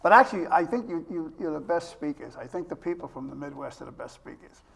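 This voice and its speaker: A man's voice: a little high, lively intonation, quick pace, gravelly, fairly bright tone, husky. An older man hosting a talk show interview, chatty and telling long personal stories. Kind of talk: casual interview chat.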